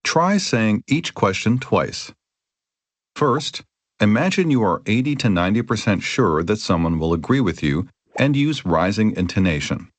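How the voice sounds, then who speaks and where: Low, lively man reading a lesson. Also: a little slow, dry recording. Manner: clear, even instructional delivery with acted example lines. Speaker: lesson audio narrator. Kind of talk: scripted grammar lesson reading.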